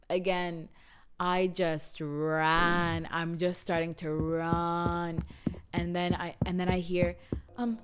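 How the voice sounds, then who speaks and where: A woman's voice: on the low side, fairly even intonation, unhurried, soft background music. Chatty young woman. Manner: chatty, mixes English with Gulf Arabic, laughs often. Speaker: podcast host. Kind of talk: casual storytelling.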